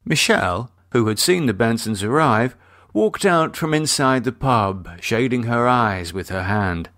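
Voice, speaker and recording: A man narrating his own novel as an audiobook, wry and measured. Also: medium pitch, expressive, fairly bright tone, no echo, studio quality. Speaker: author and narrator.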